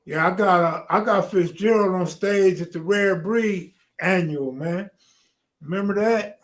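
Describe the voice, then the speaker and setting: Chill guy hosting his stream, slangy, voice a bit on the high side. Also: unhurried, fairly bright tone. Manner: laid-back, loose talk with slang. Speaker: live stream host. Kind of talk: casual chat.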